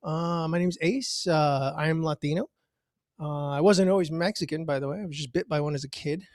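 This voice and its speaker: Animated male stand-up comic on a video call. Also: brisk, dry recording, clean studio sound. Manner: animated, jumps up in pitch for quoted voices. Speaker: stand-up comedian. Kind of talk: stand-up comedy set. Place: home, virtual show.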